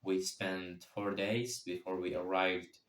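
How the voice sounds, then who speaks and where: A young man telling his own story casually, swearing freely and jumping in pitch and loudness. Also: takes it slowly. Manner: profane, animated, sudden swings in pitch and loudness. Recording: echoey room.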